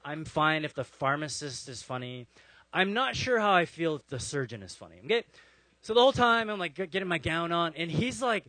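Brief: man, pastor, preaching storyteller, slightly higher voice, close dry sound. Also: big pitch swings, fairly quick, pushed and bright, no echo, poor audio. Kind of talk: sermon.

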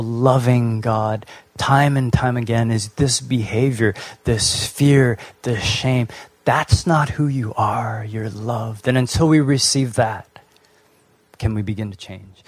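A young adult man from Canada preaches a sermon in an easy, conversational manner, stumbling through restarts and fillers as he tells a personal story. His voice sits at an ordinary middle pitch. The sound is close and dry, with no room echo. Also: a little mellow. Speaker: pastor.

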